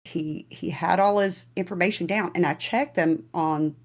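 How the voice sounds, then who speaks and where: A woman on a political talk show panel who speaks hesitantly, with many pauses and repeated words. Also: on the low side. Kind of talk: casual political discussion.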